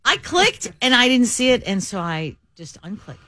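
A woman's voice: a little high, big pitch swings, normal speed, bright, forceful tone, no echo, clean studio sound. A woman co-hosting a radio show, speaking in casual, playful, teasing banter. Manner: playful, teasing, laughs often. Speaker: radio co-host.

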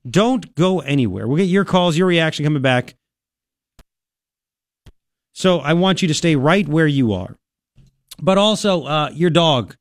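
A man hosting talk radio, his voice sitting fairly high for a man. He talks emphatically, repeats himself and throws in quick asides. The studio sound is close and dry. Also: lively intonation, no room sound. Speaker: radio talk show host. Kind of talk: talk radio monologue with live ad read. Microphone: studio microphone.

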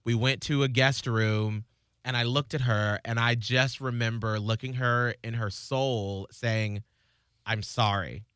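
A man's voice: medium pitch, steady tone, measured pace, a bit bright, smooth, dry recording, studio quality. A man hosting a radio morning show, telling an earnest story in casual chat and acting out the lines he quotes.

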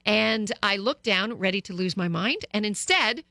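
A woman hosting a radio talk show, giving parenting advice to listeners in a lively, storytelling way, speaking into a studio microphone. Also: mid-range voice, normal speed, vocal fry, no room sound.

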